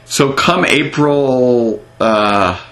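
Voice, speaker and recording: Halting male interviewer, many fillers. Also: medium pitch, fairly bright tone. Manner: halting, heavy on filler sounds. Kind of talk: casual interview questions.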